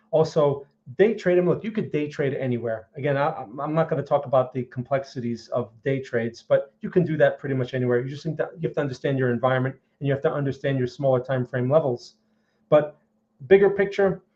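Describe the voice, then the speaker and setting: A man's voice: mid-range voice, warm tone. A man with a New York accent hosting a live market stream, blunt and opinionated, talking straight to his viewers. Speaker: market analysis streamer host. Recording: dull lo-fi stream audio.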